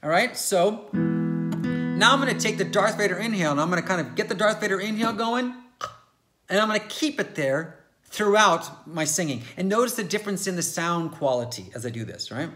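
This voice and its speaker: A man's voice: high voice, expressive, fairly quick, loud music behind the voice. Man teaching singing, chatty and encouraging. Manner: explains step by step, checking in with "all right?"; demonstrates by singing show tunes. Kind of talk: singing lesson.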